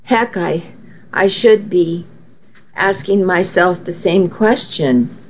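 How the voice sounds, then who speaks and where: Brief: woman narrating a novel, slow and intimate, dull lo-fi recording. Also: fairly low pitch, slight background noise. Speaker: audiobook narrator. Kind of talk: first-person novel narration. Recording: slightly muffled lo-fi audio.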